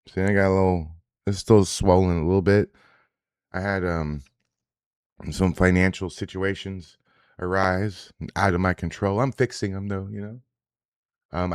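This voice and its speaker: A man's voice: sits low, dry recording, studio quality. A man hosting a daily reaction livestream, ranting in a profane, combative, casual way. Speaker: host. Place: indoors, home setup.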